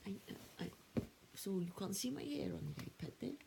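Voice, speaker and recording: A woman bickering in an improvised comedy sketch, deadpan and quibbling, repeating her words, recorded on a tablet camera. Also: mid-range voice, normal speed, vocal fry, breathy edge, rough recording.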